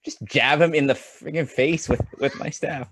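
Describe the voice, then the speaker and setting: A man's voice: fairly high pitch, steady tone, moderate pace, noisy background. A man playing a tabletop game over an online voice call, rambling with lots of "like" and "um". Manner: rambling, full of "like" and "um". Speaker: player. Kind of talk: casual tabletop game play.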